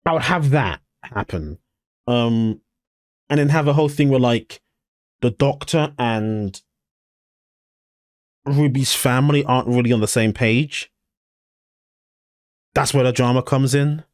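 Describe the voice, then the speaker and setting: A male podcast co-host chatting casually and bluntly, swearing freely and slipping into little acted-out scenes. His voice sits in a middle pitch. The recording is bone-dry, with no room sound at all. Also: a little slow, pauses often, darkish tone, no echo. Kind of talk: casual review chat.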